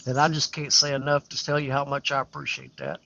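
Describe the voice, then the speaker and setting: A man's voice: mid-range voice, flat delivery, fairly quick, creaky, pushed and bright, a little hiss or hum. An older man hosting a fishing livestream, talking in a folksy, rambling, candid way outdoors on a riverbank. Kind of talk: casual live-stream chat. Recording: dull lo-fi livestream audio.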